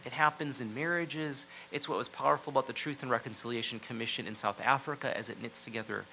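Bright-voiced earnest male preacher. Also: mid-range voice, quick pace, creaky, a little hiss or hum, rough recording. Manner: earnest, reflective, drops to near-hushed phrases for emphasis. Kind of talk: sermon.

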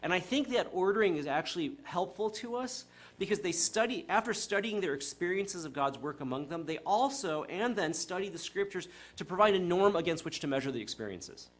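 A man's voice: sits high, expressive, a little fast. A middle-aged man from the Chicago area, preaching in a conversational, reflective way with frequent fillers and self-corrections. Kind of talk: sermon.

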